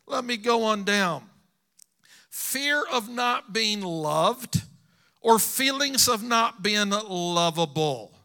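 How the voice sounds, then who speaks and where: Bright high-voiced preacher man. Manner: storytelling, earnest, addresses congregation. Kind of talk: sermon.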